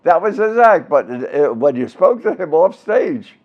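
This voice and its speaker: An elderly performer from Brooklyn, New York, in his nineties, is a lively storyteller in a casual interview, bursting into comic voices, impressions and sung bits. He speaks at a measured pace in a slightly high voice, and the recording is muffled.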